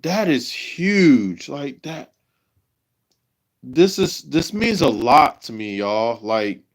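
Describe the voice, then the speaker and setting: A man hosting his own livestream, talking emotionally in halting, repeated phrases. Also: a little high. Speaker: livestream host.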